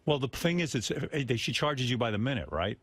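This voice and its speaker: A man's voice: medium pitch, brisk, breathy edge, no echo. A male radio host chatting loosely with his crew, full of fillers and teasing questions. His voice sits mid-range and sounds dry and close on the studio mic. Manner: relaxed, rambling with fillers, teasing. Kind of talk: radio show banter.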